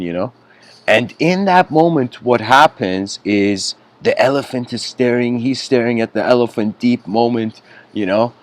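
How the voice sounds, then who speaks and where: A man giving a spiritual lecture, telling a story in a casual, conversational way with frequent asides. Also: lowish voice.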